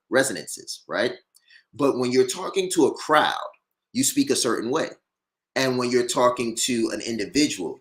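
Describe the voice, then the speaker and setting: A man's voice: mid-range voice, a bit bright. A man, a former rapper turned entrepreneur, talking earnestly in a casual discussion, repeating words as he builds his points.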